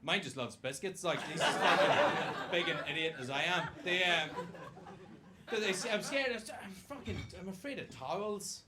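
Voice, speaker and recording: A man's voice: high-pitched, expressive, normal speed, heavy background noise. A man with an Irish accent doing a stand-up comedy set on a club stage, self-mocking and swearing freely. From Ireland.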